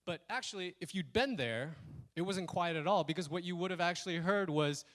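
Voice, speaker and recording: A man telling a personal story on stage at a speaker event, animated and acting out the lines he quotes. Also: sits high, brisk. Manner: animated, acts out quoted lines in shifting voices. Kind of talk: live storytelling talk.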